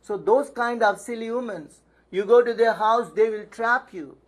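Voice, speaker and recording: A man's voice: extremely high pitch, moderate pace. A man preaching a sermon as pastor, emphatic, asking questions and answering them himself, repeating phrases for stress. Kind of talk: sermon with Bible reading.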